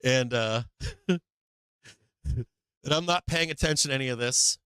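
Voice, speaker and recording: A man's voice: medium pitch, measured pace, bright, forceful tone, clear, resonant tone, no room sound. An older man from Boston with a Boston accent, hosting a livestream and telling a rambling story in casual chat, laughing often and swearing freely. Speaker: livestream host.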